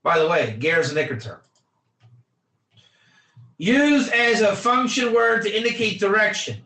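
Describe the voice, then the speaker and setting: A man's voice: high voice, lively intonation, measured pace, bright, forceful tone, echoey room. A man teaching a Torah class in an emphatic, repetitive lecture style, quizzing his students by name.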